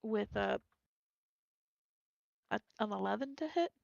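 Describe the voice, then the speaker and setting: A woman's voice: mid-range voice, animated, slow, creaky, dry recording. A woman running a tabletop game as game master, narrating monster moves and laughing easily. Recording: dull lo-fi recording.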